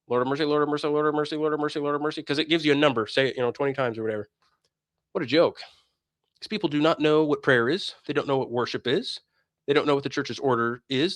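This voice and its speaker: A man's voice: mid-range voice, a bit bright, dry recording. Scornful man ranting, dry close sound. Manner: heated, scornful and preachy, mocking opponents. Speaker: host of a religious debate stream. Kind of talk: ranting monologue.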